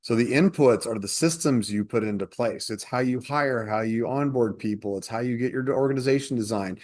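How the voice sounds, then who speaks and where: A man co-hosting a consulting podcast, explaining workplace systems in a measured, list-like way. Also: mid-range voice, a little mellow. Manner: measured, explanatory, lists points. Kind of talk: casual podcast discussion.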